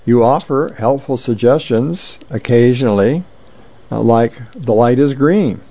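Man reading hemming husband, gravelly, dark, dull sound. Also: mid-range voice, a little slow. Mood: hesitant. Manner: hesitant, hemming. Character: hesitant suburban husband in bed.

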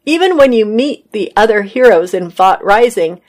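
Female host, mid-pitched, reads entertainment articles aloud with offhand personal remarks. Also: lively intonation, normal speed, darkish tone. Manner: reads articles then adds casual personal comments. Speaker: host reading entertainment news. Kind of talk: reading news articles aloud with asides.

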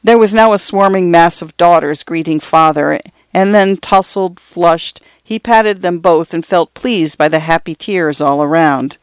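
A narrator giving a measured, expressive reading of a literary story, recorded close. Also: mid-range voice, clear, resonant tone, dry recording.

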